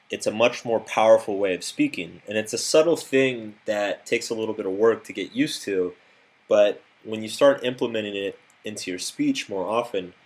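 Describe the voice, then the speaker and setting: A man's voice: fairly low pitch, slightly rough. A man narrating a self-improvement lesson in a direct, instructive way, with occasional fillers.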